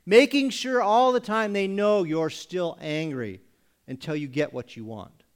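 A man preaching as a pastor, asking pointed rhetorical questions and pausing for effect. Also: sits high. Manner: rhetorical questions with dramatic pauses; acts out congregation voices mockingly. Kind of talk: sermon.

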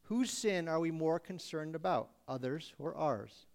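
A man preaching a sermon, acting out pleading voices with sudden loud bursts. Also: on the high side, animated, a little slow, gravelly.

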